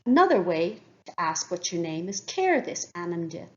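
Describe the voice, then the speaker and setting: A woman's voice: fairly low pitch, very animated, moderate pace, darkish tone, muffled recording. A woman teaching a beginner language lesson, patiently repeating each phrase for learners to copy. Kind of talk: slow, clear language lesson with repeated drills.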